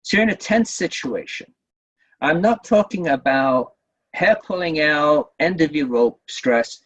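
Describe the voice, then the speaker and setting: A man running a communication-skills webinar, talking in a lively way, repeating himself and checking in with "right?". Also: fairly high pitch, unhurried. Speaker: workshop trainer. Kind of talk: webinar teaching. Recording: dull lo-fi webinar audio.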